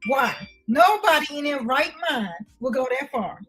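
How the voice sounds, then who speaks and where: A woman hosting a casual livestream, chatting loosely with her viewers and tossing off quick apologies between clips. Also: sits high, expressive, a bit bright, soft background music, poor audio. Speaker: livestream host. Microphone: headset with earpiece.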